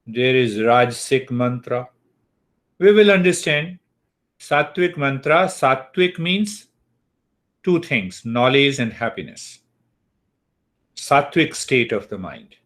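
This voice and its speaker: A man teaching an online class on mantras, speaking deliberately and checking in with his students. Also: medium pitch, lively intonation, a bit bright. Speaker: spiritual teacher.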